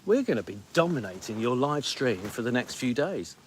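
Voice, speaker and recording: A middle-aged man hosting a live stream from home, grumbling and pleading with theatrical exasperation. He rattles along at an auctioneer's clip in a mid-pitched voice. There is a faint hiss of background noise. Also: very animated. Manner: grumpy, theatrical, pleading with viewers; rapid-fire like an auctioneer. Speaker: podcast host on live stream. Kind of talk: casual live-stream chat.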